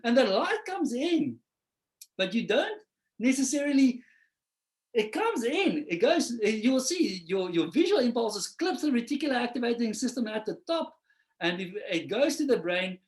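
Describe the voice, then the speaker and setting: A man's voice: very high-pitched, normal speed. A man presenting a webinar lecture as a trainer, talking conversationally with rhetorical questions and acting out quoted voices. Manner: animated, acts out quoted voices.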